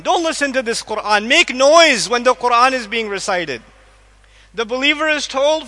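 A man giving an animated religious lecture to a live audience, questioning listeners and acting out quotes. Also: very high-pitched, normal speed. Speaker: Islamic lecturer. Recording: echoey hall.

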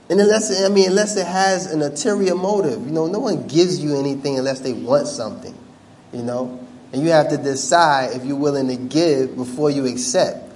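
A man's voice: fairly high pitch, brisk, a little hiss or hum. A man telling a humorous story to an audience, talking conversationally with many fillers and acting out other people's voices. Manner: animated, humorous, acts out quoted voices. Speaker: speaker addressing an audience. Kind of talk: storytelling talk.

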